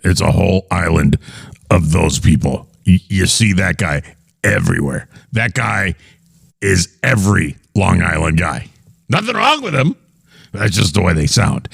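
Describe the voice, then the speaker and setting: Raspy gravelly man, wry host. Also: sits low, no room sound, studio quality. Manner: dismissive, rambling, joking. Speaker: show host. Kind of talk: comedic reaction commentary.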